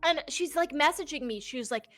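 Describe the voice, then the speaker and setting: A woman in her twenties, a guest telling a personal story in casual chat, animated and swearing, laughing often and acting out quotes. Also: sits high, fairly quick, no room sound, soft background music. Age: 20s.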